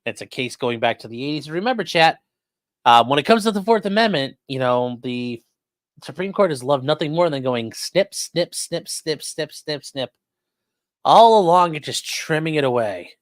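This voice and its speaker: A fairly high-voiced man reads rulings aloud and then mocks them. He speaks straight to his chat, and the sound is dry and close. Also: animated, normal speed, no room sound. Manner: sarcastic, talks straight to chat, swears. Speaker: streamer discussing court cases. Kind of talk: casual livestream commentary.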